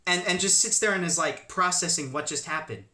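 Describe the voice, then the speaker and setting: A man's voice: fairly high pitch, a little fast. A young man telling a storytime vlog in a chatty way, full of asides. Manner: animated, chatty, many asides. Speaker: YouTube storyteller. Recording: echoey room.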